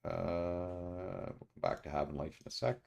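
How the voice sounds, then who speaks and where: A man streaming a strategy game, muttering his moves to himself and often pausing with uhs. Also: low-pitched, steady tone, vocal fry, a little mellow, highs cut off. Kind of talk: casual let's-play commentary.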